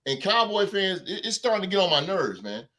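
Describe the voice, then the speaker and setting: A man hosting a sports podcast, ranting in an animated, heckling way and mocking rival fans. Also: high-pitched, a little fast. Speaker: podcast host. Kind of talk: sports talk rant.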